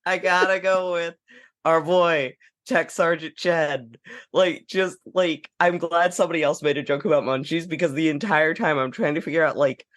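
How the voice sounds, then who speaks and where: A man's voice: fairly high pitch, fairly even intonation, moderate pace, a bit bright, no room sound, studio quality. A man talking as a podcast guest in casual chat, musing and a little hesitant.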